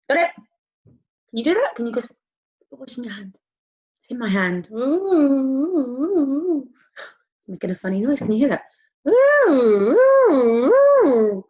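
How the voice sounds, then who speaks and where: A woman's voice: a little high, slightly rough. A woman teaching a playful online music lesson to young children, whooping and whispering to make the sounds fun. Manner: animated, playful, sing-song with whoops and whispers. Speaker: primary school music teacher. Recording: dull lo-fi home video sound.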